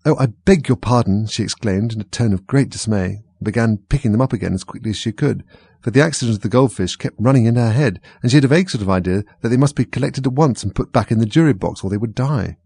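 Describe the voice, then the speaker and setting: Gravelly, husky male audiobook narrator. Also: fairly low pitch, fast talker, dark tone, no room sound. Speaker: audiobook reader. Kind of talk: scripted narration.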